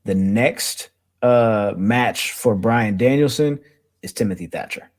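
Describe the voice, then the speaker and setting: A man co-hosting a podcast, talking casually about wrestling with a relaxed, hesitant delivery. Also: on the low side, slow. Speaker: podcast co-host.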